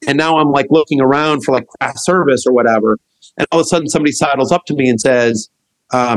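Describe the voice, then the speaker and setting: A middle-aged man, a podcast guest, telling a long anecdote in an animated, rambling way, acting out what others said. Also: medium pitch, fast, poor audio. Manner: animated, acts out quotes of others; rambling with restarts and fillers. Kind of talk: storytelling in a podcast conversation.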